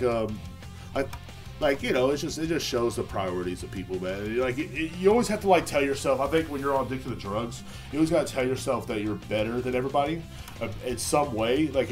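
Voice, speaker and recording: A man hosts a casual beer podcast and rambles through a profane, sarcastic story. His pitch jumps up and down constantly, with sudden high squeaks whenever he mimics other people. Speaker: podcast host.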